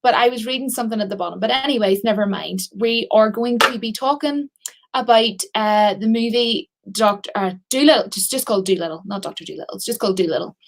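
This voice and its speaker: A woman's voice: fairly high pitch, brisk, slight background noise. A woman chatting casually on a live stream as a movie reviewer, rambling with fillers and restarts.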